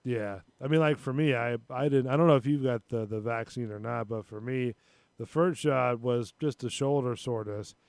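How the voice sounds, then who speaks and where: A man hosts a loose live-stream chat show and rambles through his stories, doing quick voices for the people in them. His voice sits at an ordinary middle pitch. It is recorded close and dry. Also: creaky, darkish tone, smooth, dry recording. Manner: rambling, retells phone calls with voices. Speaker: show host.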